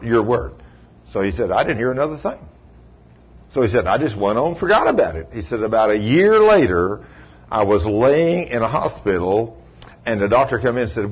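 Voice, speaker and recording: A husky-voiced man preaching a folksy sermon, his pitch leaping and dropping as he acts out the voices in his stories. The recording is dull and lo-fi. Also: big pitch swings, fairly quick. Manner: folksy storytelling, swings from low murmurs to high cries. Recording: dull lo-fi sound.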